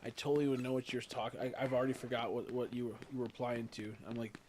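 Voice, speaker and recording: A man's voice: medium pitch, flat delivery, quick pace, a little mellow, slight background noise. Giggly, rambling young man streaming. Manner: rambling, giggly, swears freely. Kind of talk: casual livestream chat while gaming.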